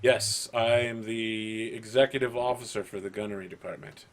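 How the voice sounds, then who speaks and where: A man's voice: on the low side, fairly even intonation, normal speed, lightly acted. A man voicing a veteran male naval gunnery officer who speaks matter-of-factly of his service. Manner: matter-of-fact, proud.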